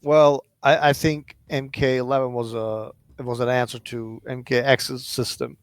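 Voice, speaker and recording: Measured, explaining podcast man, dry sound. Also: mid-range voice, level tone, smooth, no room sound, faint music behind. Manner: measured, explaining, many fillers. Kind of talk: casual gaming podcast chat.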